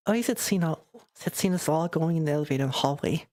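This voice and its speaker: A woman's voice: deep voice, fast, hardly any pauses, a little mellow. Giggly woman streamer reading a dating game. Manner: giggly, chatty, reads narration and lines aloud.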